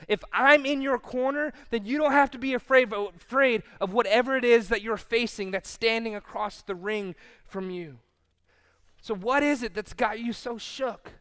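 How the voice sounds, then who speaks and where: A male pastor with a very high, smooth voice delivers a sermon, swinging between loud declarations and hushed lines while acting out how listeners react.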